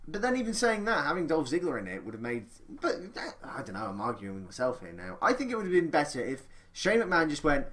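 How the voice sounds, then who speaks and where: A man co-hosting a casual wrestling chat, quick and joking with plenty of swearing. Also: fairly high pitch, big pitch swings, a bit bright. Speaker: podcast co-host.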